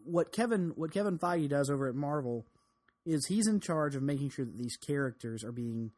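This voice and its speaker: A man's voice: fairly high pitch, animated, normal speed, a little mellow. A man co-hosting a podcast, chiming in casually with additions to the host's points. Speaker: podcast co-host. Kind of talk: casual chat.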